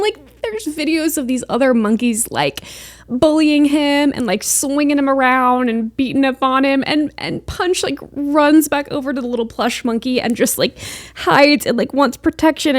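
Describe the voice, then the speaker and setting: A woman's voice: a little high, no echo. A young woman hosting a podcast, chatting casually and emotionally, gushing with lots of fillers. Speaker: podcast host. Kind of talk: casual chat.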